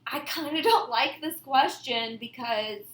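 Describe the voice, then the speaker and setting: A woman guesting on a podcast, easygoing and quick to laugh. Her voice is slightly high and bright. It sounds echoey, with faint noise behind it. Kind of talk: casual podcast chat. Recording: echoey room.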